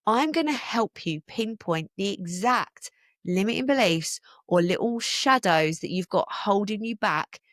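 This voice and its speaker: A woman's voice: lowish voice, dry recording, clean studio sound. A British woman in her forties hosting a podcast in a chatty, rambling, heartfelt way. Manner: chatty, rambling, gets emotional. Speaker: podcast host and business coach. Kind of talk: casual podcast monologue.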